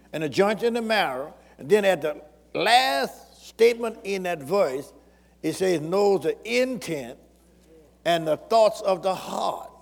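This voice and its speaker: A man's voice: high-pitched, creaky, in a large hall. A man preaching a sermon as pastor, repeating phrases and calling out questions to the congregation.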